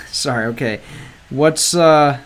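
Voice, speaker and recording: A man whose voice is on the high side takes it slowly during a casual game livestream. He's learning Spanish this way, translating lines aloud and responding to chat, his talk rambling and hesitant with many ums and restarts.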